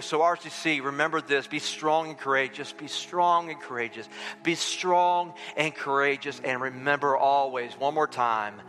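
A pastor with a high, bright voice leads a congregation in a sermon, repeating lines for them to echo back before moving into prayer. His delivery is emphatic and insistent. The sound carries the long reverb of a church sanctuary, with faint music underneath. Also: moderate pace. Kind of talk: sermon with call and response, then prayer.

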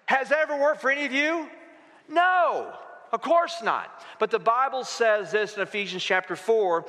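Male pastor, 40s, bright ringing tone, casual preaching style, long reverb of a large church. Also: very high-pitched, lively intonation, normal speed. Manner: conversational preaching with rhetorical questions. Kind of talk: sermon. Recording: reverberant hall.

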